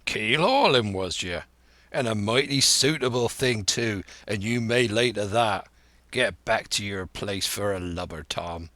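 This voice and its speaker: A man voicing a wily, blustering one-legged old pirate cook in a slow audiobook reading. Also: lowish voice, pushed and bright, dry recording. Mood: bullying. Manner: bluff, blustering, sly sea talk.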